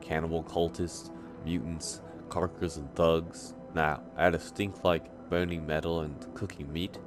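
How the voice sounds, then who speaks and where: A man's voice: sits low, flat delivery, measured pace. A man reading out the lines of a wry man who guides a newcomer through the city, with little change from his own voice. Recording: game music playing behind.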